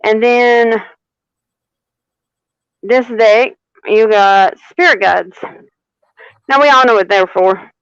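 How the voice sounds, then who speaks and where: A woman giving a live tarot reading, unhurried and repeating phrases for emphasis. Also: on the high side, clear, resonant tone, no echo, highs cut off. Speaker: tarot reader.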